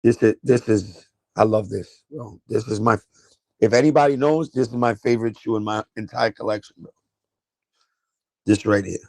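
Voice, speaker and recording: A gravelly-voiced man with a New York accent chats on a casual sneaker livestream. He talks in a loose, excitable, profane way, full of banter. The sound is dry and close, with no room echo. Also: lowish voice, moderate pace.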